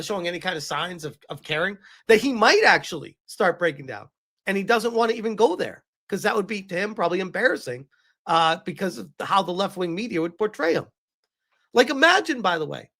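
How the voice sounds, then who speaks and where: A man's voice: sits high, sharp tone. A man commenting live on a stream, emotional and rambling, often restarting his sentences.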